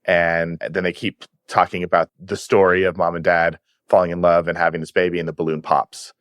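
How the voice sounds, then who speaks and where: A man's voice: low voice, flat delivery, brisk, fairly bright tone, smooth, no room sound. A man guest on a podcast, chatting casually and retelling cartoon episodes with eager, filler-laden enthusiasm.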